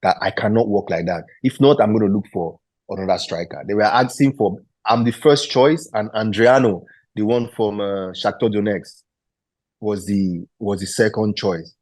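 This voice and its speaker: A man with a Nigerian accent, a footballer being interviewed, retelling a story with lively quoted voices and frequent restarts. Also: fairly low pitch, normal speed, no echo. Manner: animated retelling, acting out the people he quotes; frequent restarts and repeated words. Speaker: guest footballer.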